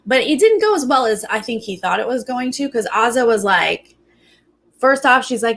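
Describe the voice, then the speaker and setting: A woman talking casually as the host of a reality TV recap. She chats loosely and acts out quotes with big jumps in pitch. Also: expressive, normal speed, gravelly, a bit bright. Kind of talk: casual commentary.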